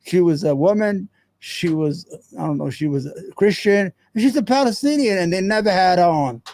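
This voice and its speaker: A man talks over clips as the host of a commentary show. His voice sits fairly high but sounds dark, and his talk is blunt, profane and rambling, with many restarts. The recording is dry. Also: expressive, moderate pace, no echo. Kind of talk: casual commentary.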